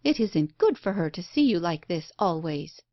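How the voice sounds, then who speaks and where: A woman voicing a brusque, blunt, impatient unmarried woman who talks in a sharp, scolding way. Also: fairly low pitch, big pitch swings, normal speed, no room sound, lo-fi sound.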